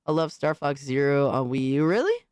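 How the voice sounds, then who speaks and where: A young-sounding man streams live and chats to his viewers in a hoarse, worn voice after being sick. He talks in bursts of excitement, swears freely and keeps giving shout-outs. His voice sounds close and dry. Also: a little high, normal speed, no room sound. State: hoarse, recovering from illness. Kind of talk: casual live-stream chat.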